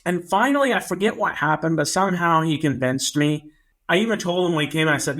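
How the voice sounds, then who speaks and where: A young man co-hosting a podcast, telling a story in a casual, animated way and acting out his own lines. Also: on the high side, brisk. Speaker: podcast co-host. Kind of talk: casual chat.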